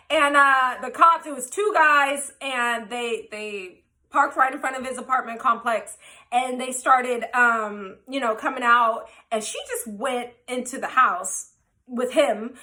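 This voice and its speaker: A young woman vlogger telling a storytime in a frank, animated, profane way. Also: fairly high pitch. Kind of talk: storytime vlog.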